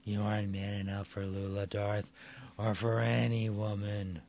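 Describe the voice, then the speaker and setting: A man's voice: fairly low pitch, level tone, a little slow, vocal fry. A man voicing a bitter, drunken middle-aged man hurling angry accusations. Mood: drunk, raging. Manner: shouting accusations.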